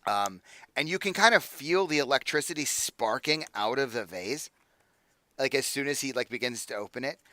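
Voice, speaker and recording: A young adult man narrating as game master, casual and halting, with many fillers and restarts. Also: medium pitch, lively intonation, pushed and bright.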